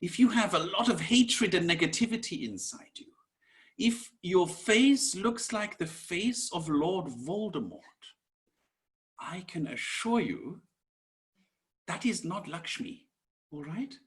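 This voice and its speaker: A man teaching an online class in a slow, gentle way, dropping to soft whispers at times and calling his listeners "my dears". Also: high voice, expressive. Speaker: Sanskrit teacher.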